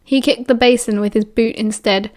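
A woman with a British accent narrating a novel as an audiobook, in a steady, expressive reading. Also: on the high side, normal speed.

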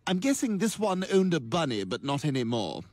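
A man's voice: fairly high pitch, sing-song, fairly quick, no room sound. An actor voicing a haughty, scheming baby boy with a sardonic tongue in a cartoon. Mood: snide. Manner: sardonic, snide.

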